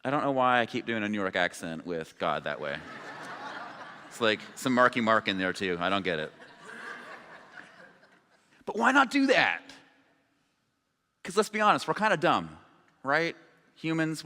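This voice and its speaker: A man's voice: medium pitch, big pitch swings, moderate pace, pushed and bright. A man preaching a sermon as pastor, in a conversational, informal way with asides. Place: church sanctuary. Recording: long reverb of a large hall.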